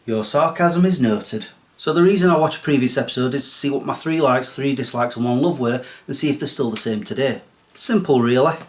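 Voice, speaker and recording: A man's voice: medium pitch, fairly quick. A man hosting his own comedy vlog, talking in a sarcastic, chatty way. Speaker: vlogger host.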